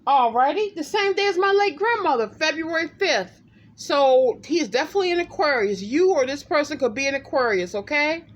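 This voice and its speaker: Her voice sits high and moves a little fast as this psychic reader addresses her vlog viewers as "y'all," casual, emphatic, and animated, talking straight to them often.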